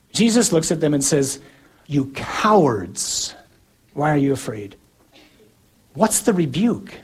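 A man preaching a sermon in an earnest, emphatic way, with slow, deliberate pauses between phrases. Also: sits high, a little mellow, slightly rough.

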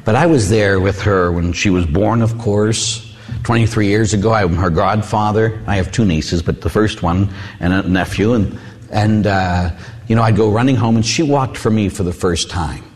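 A male priest giving a sermon with personal stories, an animated storyteller who acts out voices. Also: lowish voice, moderate pace. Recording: long hall reverb.

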